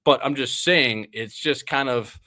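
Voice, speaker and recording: A man's voice: mid-range voice, measured pace, sharp tone, no echo. A man from Wisconsin, hosting a podcast in loose, joking banter. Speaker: podcast host. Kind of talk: casual chat.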